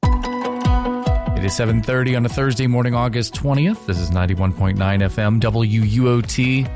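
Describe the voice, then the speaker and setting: A man giving local station announcements on morning radio with a steady, routine delivery. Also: medium pitch, moderate pace. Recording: voice over music bed.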